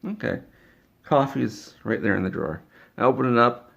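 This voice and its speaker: A man's voice: mid-range voice, animated, a little fast, gravelly, fairly bright tone, breathy edge, highs cut off. A man telling an absurd comedic story in a rambling way, stammering and repeating words.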